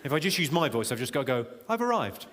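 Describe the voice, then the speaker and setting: A man doing live stand-up comedy in a large auditorium, deadpan and teasing the crowd. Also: medium pitch, rapid-fire, heavy background noise. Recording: echoey live hall, loud audience laughter. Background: audience laughter.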